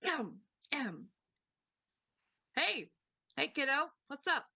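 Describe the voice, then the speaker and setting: A woman's voice: mid-range voice, normal speed, bright, forceful tone, no echo. A woman voicing a cheeky talking crow. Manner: casual, cocky greetings.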